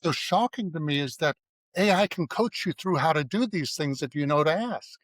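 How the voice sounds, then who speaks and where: A man's voice: a little high, animated, fairly quick, no room sound. Man telling anecdotes in dry close sound. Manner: anecdotal, acts out dialogue in quotes. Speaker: guest, advertising writer and creative director. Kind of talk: casual interview storytelling.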